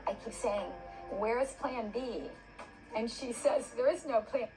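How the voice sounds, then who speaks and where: A middle-aged woman speaking gently and carefully as a worried mother in a reality TV interview. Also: a little high, slow. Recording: echoey room with music.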